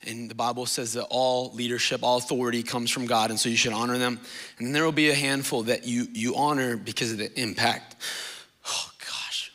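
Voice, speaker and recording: A man's voice: mid-range voice, flat delivery, fast talker, pushed and bright. A man in his thirties preaching a sermon in a church, emotional and rambling, getting tearful at times. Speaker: guest preacher. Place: church stage.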